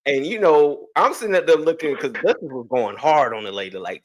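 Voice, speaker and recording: A man's voice: on the high side, animated, fairly quick. A man telling stories as a guest on a casual podcast over a remote call, easygoing and full of slang. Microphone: remote streaming call.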